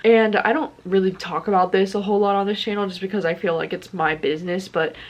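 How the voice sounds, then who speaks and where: A woman's voice: mid-range voice, fairly even intonation, fast talker, rough recording. A woman in her twenties talking casually about books in a vlog, candid and chatty with lots of "like" fillers. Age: 20s. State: tearful. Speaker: book vlogger.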